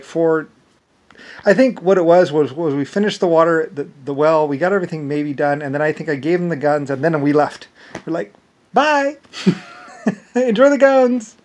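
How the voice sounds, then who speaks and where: Rambling man telling a long story. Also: brisk. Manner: rambling, repeats "anyway" and restarts often; swings between loud animated bursts and low mumbled asides. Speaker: storyteller recounting an imagined past life. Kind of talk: rambling casual monologue.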